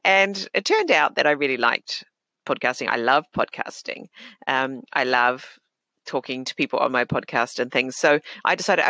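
A man's voice: mid-range voice, measured pace, bright, forceful tone, no room sound. A middle-aged man hosting his own podcast from a small closet studio, talking in a chatty, reflective way with fillers and self-corrections. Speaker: podcast host. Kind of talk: casual personal monologue. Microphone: desk podcast microphone.

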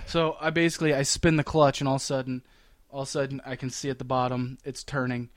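A man's voice: medium pitch, flat delivery, fast talker, no room sound, clean studio sound. A young man co-hosting a podcast, telling a family story with lots of laughter and swearing. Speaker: podcast co-host. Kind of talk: casual storytelling chat.

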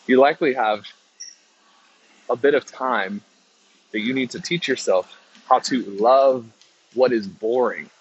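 A man hosts his own podcast in a loose, rambling way, stopping and restarting his sentences as he goes. His voice sits low and a little husky. The recording sounds dull and lo-fi. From American South. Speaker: podcast host. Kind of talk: casual motivational talk.

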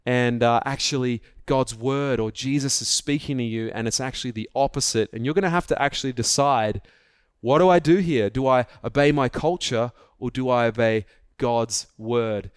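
A man's voice: mid-range voice, normal speed, clean tone, dry recording, clean studio sound. A man from Australia, preaching a conversational sermon full of rhetorical questions and personal stories. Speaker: pastor.

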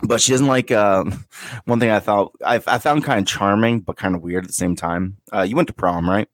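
Crude, joking man with a low voice. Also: a little fast, no echo. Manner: crude, joking, laid-back storytelling. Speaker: podcast co-host. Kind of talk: casual chat. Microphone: loud close microphone.

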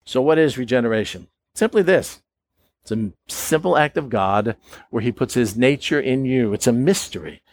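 A man's voice: medium pitch, expressive, moderate pace, a little mellow, no room sound. A man preaching a sermon, emphatic, often questioning his listeners and acting out the voices of doubtful believers. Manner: emphatic, asks the audience questions, acts out quoted voices.

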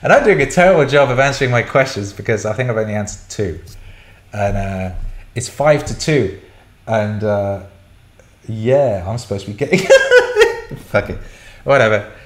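A man's voice: fairly low pitch, huge pitch swings, moderate pace. Man, middle-aged, sweary livestream host, blunt ranting delivery, echoey room. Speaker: host answering chat questions. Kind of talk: casual livestream Q&A. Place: indoor room. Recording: roomy echo.

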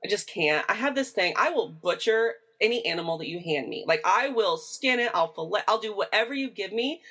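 A woman's voice: mid-range voice, lively intonation, a little fast, fairly bright tone, husky. A woman with a Midwestern American accent, co-hosting a podcast in casual chat, chatty and prone to side notes. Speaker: podcast co-host.

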